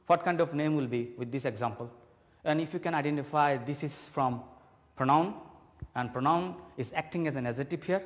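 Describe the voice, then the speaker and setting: A man with a Bangladeshi accent teaching an English grammar lesson on TV, explaining slowly and deliberately to students. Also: fairly high pitch, long reverb tail. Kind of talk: televised classroom lesson. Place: TV studio classroom.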